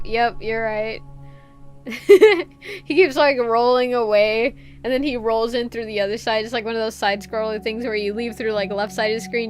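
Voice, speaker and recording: A young adult woman streaming a game, chatting casually, reading chat aloud and laughing often. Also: medium pitch. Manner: giggly, playful, reads chat aloud.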